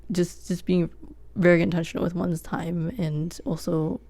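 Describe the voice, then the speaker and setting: A woman's voice: on the low side, level tone, moderate pace, warm tone. A woman as a podcast guest, talking in a reflective, casual way and laughing often.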